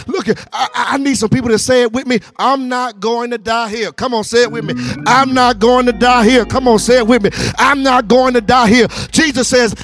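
In this sermon, the pastor leans on call and response and repeated lines. He swings between quiet, low passages and shouted peaks with a sing-song lilt.

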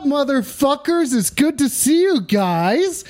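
A man hosting a rowdy, profane livestream, swinging between manic yelps and low mumbling asides. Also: expressive, slow pace, hardly any pauses, a little mellow. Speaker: livestream host.

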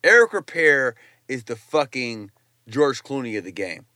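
A man's voice: mid-range voice, sing-song, a little slow, sharp tone, no room sound, studio quality. A man who is a chef, talking as a guest in a casual interview, telling loose stories full of slang and swearing. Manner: loose, profane storytelling with slang.

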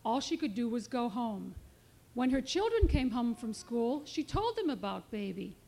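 A woman children's author reading her picture book aloud in a clear, expressive storybook manner. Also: a little high, moderate pace.

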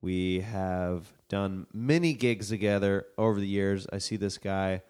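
A man hosting a comedy podcast, upbeat and quick to laugh while chatting with a guest. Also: deep voice, a little mellow, smooth. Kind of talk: casual podcast chat.

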